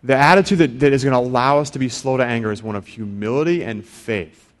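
A man's voice: medium pitch, fast. Conversational middle-aged man preaching. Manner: conversational, acts out inner voices, repeats words when restarting. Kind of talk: sermon.

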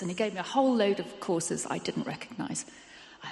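A British woman telling a personal church story to an audience, lively and acting out the dialogue. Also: lowish voice, brisk, vocal fry. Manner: lively storyteller who acts out quoted dialogue. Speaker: church member sharing a testimony. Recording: long hall reverb.

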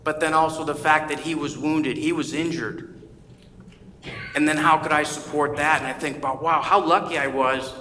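A man's voice: a little high, pushed and bright, a little hiss or hum. A male pastor preaching a sermon in a church, telling a story conversationally and acting out the voices he quotes. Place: church sanctuary. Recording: echoey church hall with faint ambience.

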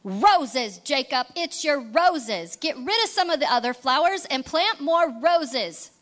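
A woman voicing a brash, profit-minded man who chatters on carelessly in a raised, drawn-out voice. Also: high voice, lively intonation, fairly bright tone, pitched above the performer's own voice, heavily acted. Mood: pushy. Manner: chattering, pushy.

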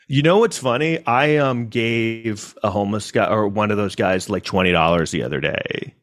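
A man telling a rambling story in casual podcast chat, acting out what people said with sudden jumps in pitch. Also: normal speed, a bit bright, no echo, studio quality. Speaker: podcast host.

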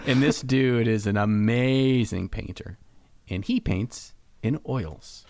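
A man's voice: medium pitch, vocal fry, darkish tone, no echo, clean studio sound. A young man co-hosting a casual hobby podcast, rambling and joking about himself. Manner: joking, rambling, self-mocking. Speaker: podcast co-host.

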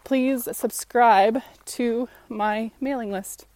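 A woman's voice: fairly high pitch, steady tone, very slow, a little mellow, no room sound. A woman talking casually and frankly on her own channel, rambling and correcting herself as she goes, a little out of breath. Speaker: vlogger. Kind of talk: casual chat.

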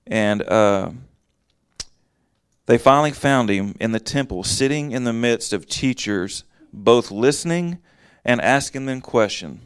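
A man's voice: medium pitch, expressive, measured pace, smooth, no room sound, clean studio sound. A man giving a casual Bible teaching, reading verses aloud and then explaining them in plain, conversational talk.

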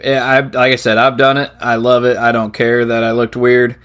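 A man's voice: mid-range voice, monotone, normal speed, fairly bright tone, clean tone. Laughing, rambling middle-aged man. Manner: laughs often, rambling storyteller. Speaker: podcast co-host. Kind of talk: casual chat.

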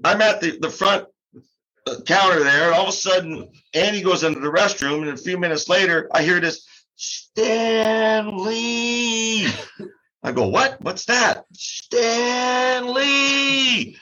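A man's voice: on the high side, brisk, pushed and bright. An older man telling a story as a guest in a casual talk, chatty and laughing and trailing off with fillers, recorded on dull, lo-fi audio. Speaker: guest, drum shop co-owner.

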